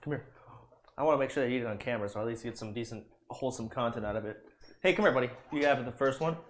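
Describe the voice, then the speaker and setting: A man's voice: medium pitch, racing, slight background noise. A young man streaming from his home kitchen, chatting casually and loosely, with some swearing, while cooking and calling his dogs.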